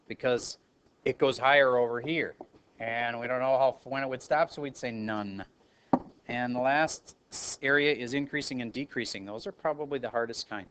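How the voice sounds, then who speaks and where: Male math teacher, casual and self-correcting, mid-pitched, classroom recording with faint noise and clicks. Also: fairly bright tone. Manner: casual, self-correcting, calls on students by name. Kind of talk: classroom lesson at a whiteboard.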